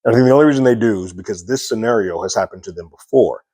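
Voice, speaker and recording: Deep-voiced man casually recapping a show. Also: racing, mellow, slightly rough, dry recording. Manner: loose recap with frequent fillers, retelling scenes in quoted dialogue. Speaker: TV episode reviewer. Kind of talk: casual spoken review.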